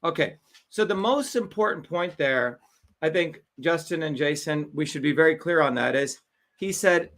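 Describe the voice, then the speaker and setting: A man's voice: a little high, animated, normal speed, a bit bright. A man hosting a livestream, delivering heated, combative political commentary with profanity and mockery. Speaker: livestream host.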